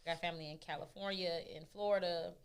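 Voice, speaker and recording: A woman's voice: on the low side, steady tone, fast talker, clean tone. A woman from the Midwest with a Texas accent, co-hosting a podcast in casual chat, emphatic and playful, repeating words for stress. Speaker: podcast co-host.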